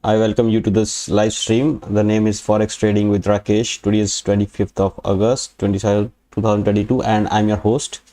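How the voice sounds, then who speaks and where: A man's voice: on the low side, level tone, fairly quick, few pauses, mellow. A man from India with an Indian accent, hosting a live trading webinar in a rambling way, often correcting himself and saying "uh". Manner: rambling, self-correcting, frequent fillers. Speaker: webinar host, forex analyst.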